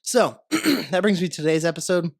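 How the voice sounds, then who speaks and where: This American podcast host has a voice on the high side with vocal fry, speaking at a moderate pace. He's stuffed up from a cold and rambles casually, relaxed and dropping the occasional swear. The studio sound is clean, with no room sound.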